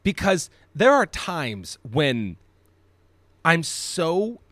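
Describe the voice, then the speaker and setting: Animated, stammering man on film podcast. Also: on the high side, drawn-out words, no echo. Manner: animated, stammering restarts, swears. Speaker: podcast co-host. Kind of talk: casual film discussion.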